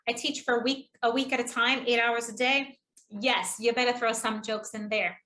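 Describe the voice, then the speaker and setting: A public speaking trainer from New England, with the regional accent, delivers an online training presentation at a fast, chatty clip. Her voice is bright and fairly high, and she lively demonstrates good and bad delivery by shifting her pitch. The audio is echoey, like a bare room.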